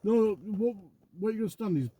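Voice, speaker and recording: In a casual chat, a man rambles and brags, swearing freely and repeatedly asking "you know what I mean?" His voice sits high, expressive and warm, at a normal speed. A faint hiss or hum runs under the recording.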